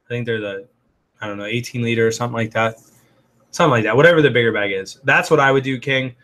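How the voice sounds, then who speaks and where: Male host, medium pitch, casual and chatty, answers chat on the fly with lots of fillers. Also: quick pace, fairly bright tone. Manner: chatty and upbeat, loose with fillers and restarts. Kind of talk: casual live-stream chat.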